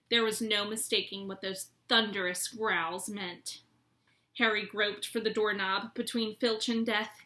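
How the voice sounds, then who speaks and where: A woman's voice: medium pitch, bright, forceful tone. A woman teacher reading a children's book aloud expressively.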